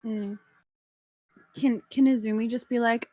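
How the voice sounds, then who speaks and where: A woman's voice: on the high side, normal speed, dry recording. A woman playing a tabletop role-playing game, giggling, swearing and thinking aloud over the rules. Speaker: player.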